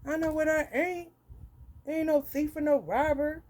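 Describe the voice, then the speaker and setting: A woman with a mellow, dark voice hosting a live tarot stream. She talks bluntly and profanely and keeps calling people honey. She jumps from loud, high outbursts down to low, muttered asides. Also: fairly even intonation, measured pace, a little hiss or hum. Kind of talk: unscripted live-stream monologue.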